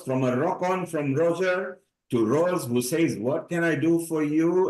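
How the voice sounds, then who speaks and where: A man's voice: on the high side, darkish tone. A man hosting a live online celebration, moderating speakers in an upbeat, rambling way over a video call. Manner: upbeat, rambling, folksy phrasing. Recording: roomy echo.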